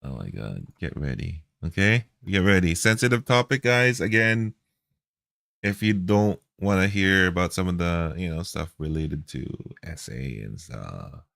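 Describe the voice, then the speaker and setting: A man's voice: low voice, unhurried, vocal fry, a bit bright, no room sound, studio quality. A man streaming a reaction video, talking in a heated, profane, repetitive way.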